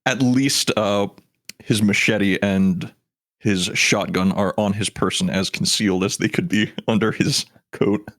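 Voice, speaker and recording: Male player, deep voice, matter-of-fact, dry humor. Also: steady tone, unhurried, a bit bright. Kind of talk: tabletop game narration as a player.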